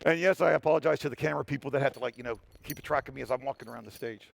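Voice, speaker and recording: A man telling an animated, joking story during a conference talk on stage, often poking fun at himself. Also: mid-range voice, rapid-fire, creaky, no echo. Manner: animated, joking, self-deprecating. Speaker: security tester giving a talk. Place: stage in a hall.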